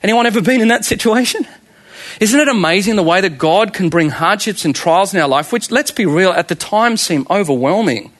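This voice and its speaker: A man in his thirties with an Australian accent, preaching a sermon in an animated way and asking the congregation questions. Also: high-pitched, a little fast. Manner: animated, asks the congregation rhetorical questions, laughs often. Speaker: pastor.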